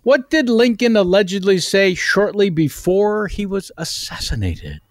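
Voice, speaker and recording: A man's voice: high voice, big pitch swings, measured pace, dry recording. A man hosting a casual comedy podcast, introducing the guests with jokey nicknames and teasing them. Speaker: podcast host.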